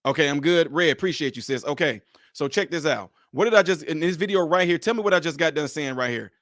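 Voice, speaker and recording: A man's voice: fairly high pitch, animated, fast, fairly bright tone, no room sound, clean studio sound. A man hosting a casual livestream, talking straight to his viewers, repeating his points emphatically. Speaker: livestream host.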